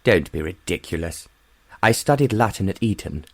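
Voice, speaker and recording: A male audiobook reader voicing an arrogant young gentleman who teases in a mocking drawl. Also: deep voice, expressive, normal speed, no echo. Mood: teasing.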